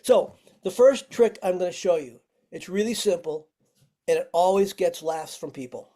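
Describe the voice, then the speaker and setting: Mellow-voiced man teaching on a video call. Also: high-pitched, animated, moderate pace. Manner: friendly, demonstrating simple tricks step by step. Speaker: firefighting instructor. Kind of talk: virtual training lesson.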